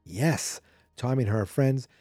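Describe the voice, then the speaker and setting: A man's voice: medium pitch, normal speed, mellow, husky, no echo, studio quality. A man hosting a podcast, casually recapping a film in a chatty, rambling way that often corrects itself mid-sentence. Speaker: podcast host. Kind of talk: casual movie recap commentary.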